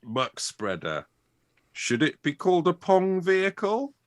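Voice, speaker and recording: A man's voice: sits high, sing-song, unhurried, no room sound. A man co-hosting a comedy podcast live stream, wry and musing aloud. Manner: wry, musing, talks to himself. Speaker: podcast co-host and storyteller.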